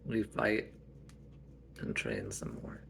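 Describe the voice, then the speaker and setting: Slow gravelly man telling a story. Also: a bass voice, big pitch swings, background noise. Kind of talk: casual family role-play storytelling.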